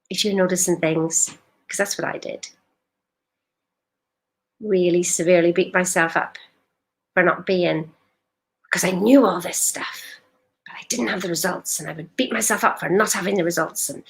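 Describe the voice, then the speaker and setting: Woman life coach, lowish voice, blunt and emphatic on a live stream. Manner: direct, emphatic, rhetorical questions.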